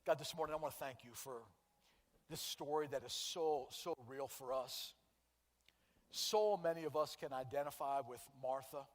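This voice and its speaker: A man preaching as pastor, earnest and conversational, sometimes dropping to a soft prayerful tone. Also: a little high. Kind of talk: sermon. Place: church sanctuary. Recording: church hall with long reverb.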